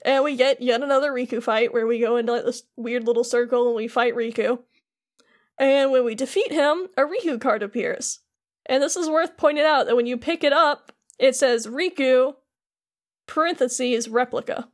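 A woman with a high voice co-hosts a casual podcast. She retells the story with animated energy and slips into the characters' lines as she talks. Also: moderate pace. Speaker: podcast co-host. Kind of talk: casual chat recapping a game.

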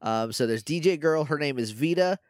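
A man co-hosting a podcast, talking in a lively, bouncy voice that sits a little high. He chats casually, laughs often and leans on fillers. The sound is close and dry. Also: fairly quick, no echo. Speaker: podcast co-host. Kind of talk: casual chat recapping a TV episode.

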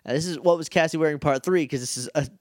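A man co-hosting a podcast, retelling an episode in casual chat and jumping into quick voices for the characters. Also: on the high side, darkish tone, no echo, studio quality. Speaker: podcast co-host.

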